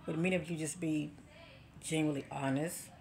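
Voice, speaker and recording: A woman's voice: deep voice, fairly even intonation, fairly quick, a little mellow, a little hiss or hum. A woman giving a casual spiritual encouragement talk to her followers, speaking directly and conversationally like a preacher, often checking in with "okay?" and "you know.". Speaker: spiritual vlogger.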